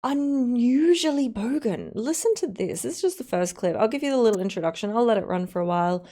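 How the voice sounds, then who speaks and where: A woman's voice: mid-range voice, expressive, fast talker, dark tone. An Australian woman chatting casually on a live stream, rambling and giggling as she talks.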